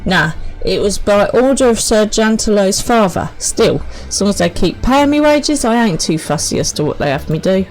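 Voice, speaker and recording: A woman voicing a blunt, low-born male soldier, reading game dialogue aloud in a rough dialect with emphatic delivery. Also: expressive, moderate pace, few pauses, soft background music, lightly acted, low-quality recording. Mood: gruff, gossipy.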